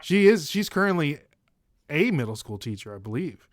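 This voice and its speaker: A man's voice: on the high side, very animated, normal speed, a crowd in the background. A man hosting a casual podcast, teasing the others and asking questions. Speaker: podcast host. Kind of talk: casual group chat.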